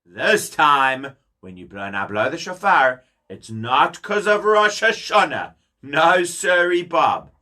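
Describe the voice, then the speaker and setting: A man's voice: fairly high pitch, big pitch swings, slow, bright, forceful tone, exaggerated voice. A man voicing a scheming, charming young prince in a children's story, overfriendly and gushing. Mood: sly.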